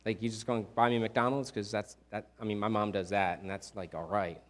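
A man voicing a puzzled, unimpressed teenage boy in a low, mumbling tone during a sermon. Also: little pitch movement, a little fast, natural voice. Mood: doubtful.

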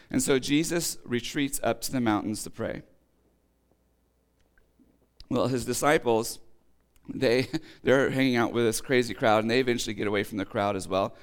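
Male preacher, mid-pitched, casual sermon delivery, slightly rough voice. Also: normal speed. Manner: casual and chatty, rereads scripture then explains with asides and quips. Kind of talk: conversational sermon.

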